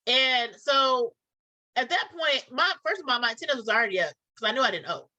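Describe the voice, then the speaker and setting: A woman's voice: fairly high pitch, animated, brisk, sharp tone, poor audio. A woman chatting casually, telling a story and acting out both sides of phone calls. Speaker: podcast co-host telling a story.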